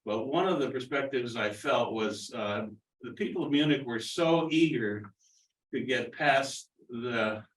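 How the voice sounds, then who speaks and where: A man in his seventies telling a story at a college reunion, measured and hesitant. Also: mid-range voice, animated. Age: 70s. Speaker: reunion alumnus. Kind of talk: casual storytelling. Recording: roomy hall, distant mic.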